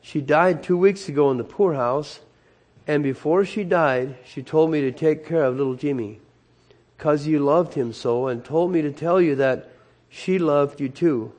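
A man's voice: a little high, unhurried, darkish tone, lightly acted. A man doing a pleading little girl. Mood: sobbing. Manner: pleading, tearful, raised voice.

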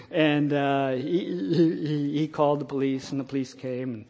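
A middle-aged man preaching a sermon, telling a personal story in a plain way and breaking into loud, impassioned scripture quotes. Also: a little high, fairly even intonation, slow pace. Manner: rises to loud impassioned preaching, then drops to quiet storytelling.

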